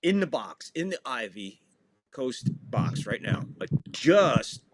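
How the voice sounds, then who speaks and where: A very animated man speaks slowly in a medium-pitched voice on a dry recording. Hosting a podcast, he provides casual live play-by-play of a football match, joking and mangling foreign words on purpose.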